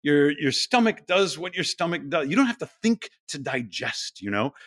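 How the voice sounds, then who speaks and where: A middle-aged man, a podcast guest, explaining things in a lively interview style and now and then acting out quoted voices. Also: a little high, moderate pace, no room sound, clean studio sound.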